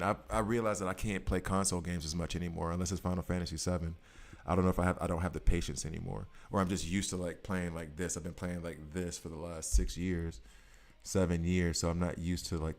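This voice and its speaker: A man in his thirties streaming a mobile game, chatting casually and joking with his chat. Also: low voice. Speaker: gaming streamer. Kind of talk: casual live-stream commentary.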